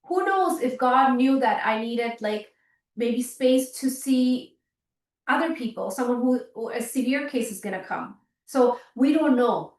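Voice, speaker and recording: Brief: higher-voiced woman workshop leader, earnest and repetitive, mic set back in an echoey room. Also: animated, a little slow. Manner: earnest, repetitive, checks in with listeners. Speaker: chiropractor leading a workshop. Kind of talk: workshop teaching talk. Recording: roomy sound, mic at a distance.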